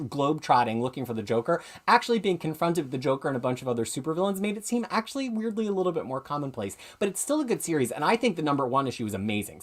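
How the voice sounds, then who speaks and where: A comics show host talking in a casual live stream, rapid, chatty and opinionated, rambling and catching themselves as they go. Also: medium pitch. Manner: enthusiastic, opinionated.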